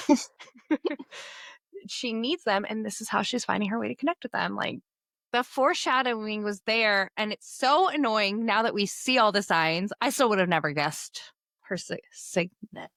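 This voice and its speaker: A woman's voice: medium pitch, lively intonation, a little slow, fairly bright tone, no room sound. A woman co-hosting a casual book-club podcast, giggly and self-deprecating, often stumbling over words. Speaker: podcast co-host.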